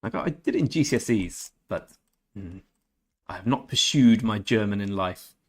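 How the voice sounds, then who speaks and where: A gaming streamer with a low, animated voice chats casually on a live stream. He reads viewer messages aloud, answers them, and makes halting attempts at German.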